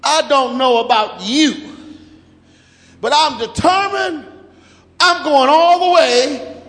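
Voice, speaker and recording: High-voiced preacher shouting in a hall. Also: male voice, slow pace. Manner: shouting, rhythmic repetition, chanted phrases. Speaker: pastor. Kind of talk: sermon.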